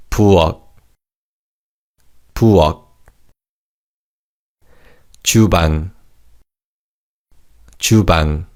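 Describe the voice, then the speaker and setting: Guy teaching words slowly and clearly, lowish voice that jumps around a lot, encouraging. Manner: clear, encouraging repeat-after-me drilling. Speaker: language teacher. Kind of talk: scripted language lesson.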